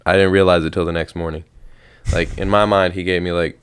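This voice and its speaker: A young man with a very low voice tells a long story in a casual podcast chat. He rambles and swears freely. His tone stays smooth and clear. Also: level tone, brisk. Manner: slangy, rambling, swears often. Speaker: podcast host.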